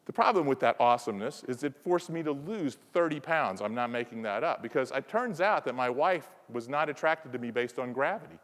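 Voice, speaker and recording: A man's voice: medium pitch, lively intonation, fairly quick, few pauses, fairly bright tone. A man from the American South giving a playful conference presentation, teasing the audience. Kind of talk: keynote talk. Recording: reverberant conference hall.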